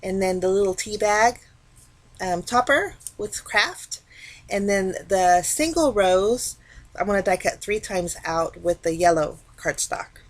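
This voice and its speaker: A woman talking casually through a card-making tutorial, explaining each step in a relaxed, chatty way. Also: medium pitch, measured pace. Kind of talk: casual craft tutorial narration.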